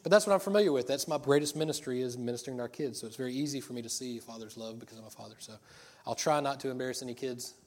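A middle-aged pastor with a drawl delivers a sermon. He keeps it loose and chatty, cracking jokes and laughing between points, and his voice sits at an ordinary pitch for a man. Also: rapid-fire. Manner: chatty and joking, laughs often.

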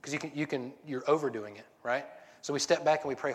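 A man's voice: medium pitch, fast talker. Rambling, joking male preacher in a hall. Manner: rambling, self-interrupting, joking. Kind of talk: casual sermon. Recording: long hall reverb.

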